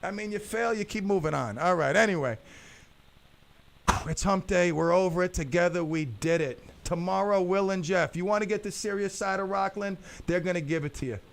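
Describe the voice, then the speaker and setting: A middle-aged man hosts a talk radio show in a high, gravelly voice. He jokes around and rambles, stumbling over his words as he goes. He speaks into a studio microphone. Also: a little fast. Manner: jokey, rambling storyteller with many restarts. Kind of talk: casual talk radio banter.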